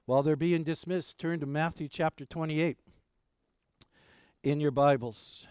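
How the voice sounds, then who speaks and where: A middle-aged pastor preaching an Easter sermon, folksy and animated when telling stories, soft and gentle in prayer. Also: male voice, fairly high pitch, a little slow, clear, resonant tone, dry recording, clean studio sound. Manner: folksy, animated storytelling with jokes.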